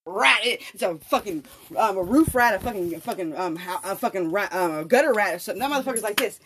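A speaker telling a story casually to friends, animated and full of swearing. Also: medium pitch, fast talker, breathy edge. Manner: animated, profane, acts out what people said. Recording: distant mic with crowd noise.

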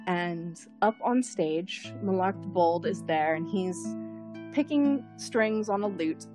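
A woman with a medium-pitched, darkish voice runs a tabletop role-playing game, narrating the scene at an unhurried pace. She thinks out loud, repeating words and leaning on frequent fillers.

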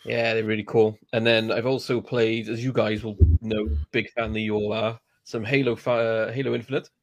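A man's voice: fairly low pitch, flat delivery, normal speed, no room sound. A man chatting on a gaming podcast, laid-back and self-deprecating, with casual swearing. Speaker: podcast co-host.

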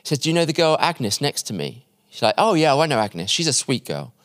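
A male preacher telling a story in a sermon, acting out the quoted voices and dropping quiet and slow at the emotional points. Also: medium pitch, big pitch swings, no echo, clean studio sound. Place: conference hall.

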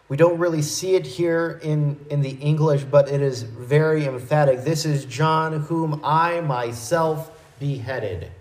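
A man preaching a verse-by-verse Bible teaching in a measured, explanatory way, with small restarts. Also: medium pitch, a little mellow, echoey room, poor audio.

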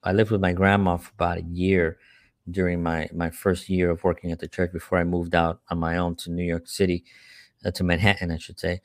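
A man's voice: deep voice, little pitch movement, brisk, no echo, clean studio sound. A man who works with a church, telling earnest, rambling personal stories with many rhetorical questions. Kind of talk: personal storytelling talk.

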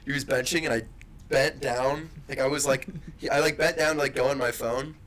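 A young man co-hosting a podcast, telling profane, rambling stories in casual chat with loud bursts. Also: medium pitch, fairly even intonation, a little fast. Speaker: podcast co-host.

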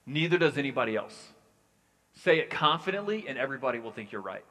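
A man's voice: mid-range voice, lively intonation, fairly quick, sharp tone. A man preaching as pastor in a casual sermon, chatty and joking in his asides. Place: church hall. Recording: long hall reverb.

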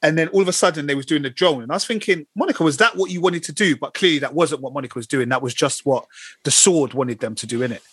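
Fast-talking slangy man, husky. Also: medium pitch, a bit bright, dry recording, clean studio sound. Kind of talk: casual podcast chat.

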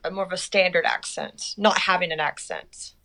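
A woman's voice: fairly low pitch, vocal fry, sharp tone. A young adult woman, a guest actress, chatting bubbly and giggly on a podcast. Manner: bubbly, giggly, quick asides. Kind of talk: casual podcast chat.

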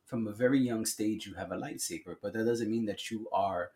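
A man's voice: lowish voice, a little fast. A man co-hosting a casual podcast chat, talking in slang and acting out quotes with lots of energy. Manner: slangy, animated, acts out quotes. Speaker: podcast co-host.

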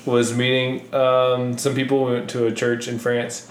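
A man's voice: mid-range voice, completely flat delivery, unhurried. A young man chatting casually about basketball, reading names off a list and acting out little retellings. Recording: echoey room, faint noise.

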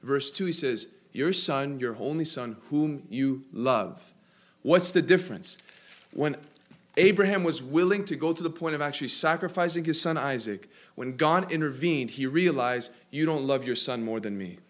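Preaching with a somewhat bright voice, a man asks his listeners questions throughout. Key words get extra weight as he slows down and climbs in pitch.

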